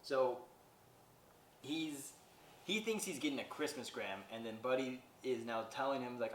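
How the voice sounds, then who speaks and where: A man's voice: mid-range voice, normal speed, slight background noise. A man hosting a podcast, recapping a movie in a loose, rambling way with lots of "he's like" quotes. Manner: rambling, retells scenes with "he's like" and acted quotes. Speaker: podcast host. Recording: echoey room, mic at a distance.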